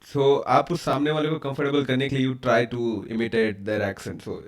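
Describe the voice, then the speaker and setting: A man's voice: medium pitch, little pitch movement, rapid-fire. A young man with an Indian accent, hosting a reaction video in casual commentary, mixing Hindi and English.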